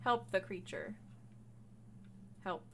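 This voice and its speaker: A woman's voice: mid-range voice, slow, a little hiss or hum. A woman streamer giving casual commentary as she plays a game, swearing freely and bursting into laughs and shrieks of surprise.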